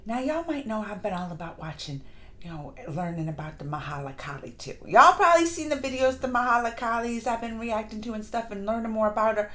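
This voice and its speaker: A woman reviewing a movie in a casual vlog, gushing and excitable, with lots of fillers and restarts. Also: fairly high pitch. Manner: acts out lines in quick put-on voices. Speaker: movie reaction vlogger. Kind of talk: casual chat.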